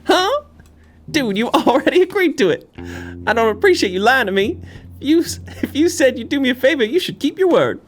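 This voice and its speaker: A streamer voicing a pushy, indignant young female rabbit in a video game, with a high, whiny, huffy delivery. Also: big pitch swings, a little fast, faint music behind.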